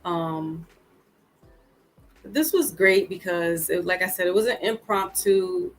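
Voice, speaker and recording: A woman's voice: fairly low pitch, takes it slowly, faint music behind, low-quality recording. A woman hosting a casual live chat, with a New York accent and a laid-back, trailing way of talking. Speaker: host.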